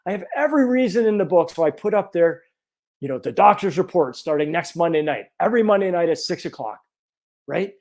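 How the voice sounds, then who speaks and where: A chiropractor in his fifties telling a personal story in an animated, earnest way. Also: sits high, a little fast. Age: 50s.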